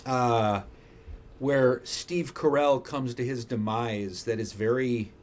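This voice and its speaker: A man's voice: mid-range voice, steady tone, takes it slowly. A man co-hosting a podcast, chatting loosely about TV shows, swearing freely and trailing off mid-thought. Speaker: podcast co-host. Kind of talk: casual chat.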